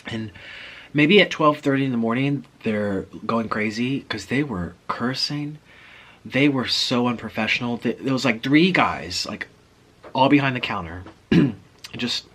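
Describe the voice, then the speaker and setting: A man's voice: mid-range voice, measured pace, fairly bright tone. A man telling a personal story in a vlog, acting out the other people's lines as he goes. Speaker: vlogger.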